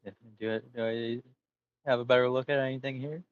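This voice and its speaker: A man's voice: medium pitch, steady tone, fairly quick, clear, resonant tone, muffled recording. A man playing in a tabletop game, joking around with the group. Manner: playful, jokey. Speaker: player. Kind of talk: tabletop role-play chat.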